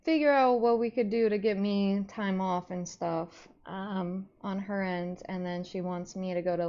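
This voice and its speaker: A woman's voice: steady tone, unhurried, hardly any pauses, mellow. A young woman streamer chatting casually to her viewers, rambling through a story with lots of filler words. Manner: bursts into high squeaky greetings to chat. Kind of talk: casual live-stream chat. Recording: slightly dull lo-fi stream audio.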